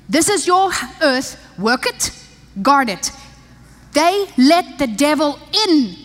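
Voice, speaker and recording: A woman's voice: high-pitched, a bit bright. Older woman, sermon, emphatic, conversational asides, church hall reverb. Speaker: pastor's wife preaching to women.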